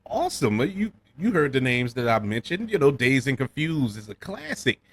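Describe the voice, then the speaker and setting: A man with a New Orleans accent talks through a movie review in a loose, conversational way. His pitch swings widely and lively as he goes. He stammers on repeated words and laughs now and then. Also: moderate pace, no echo. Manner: animated, repeats words when restarting, chuckles often. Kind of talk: casual film review.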